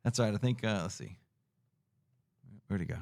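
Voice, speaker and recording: A man's voice: lowish voice, moderate pace, vocal fry, darkish tone, no room sound. A man hosting a casual podcast chat, laid-back and laughing often, swearing freely into a podcast mic. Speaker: podcast host. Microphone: podcast mic on a mixer.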